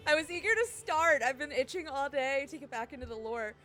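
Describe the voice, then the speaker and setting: A woman streaming a game from home, chatting with viewers in a bubbly, excitable way. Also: sits high, normal speed. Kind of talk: casual live-stream chat. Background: game music and barking dogs.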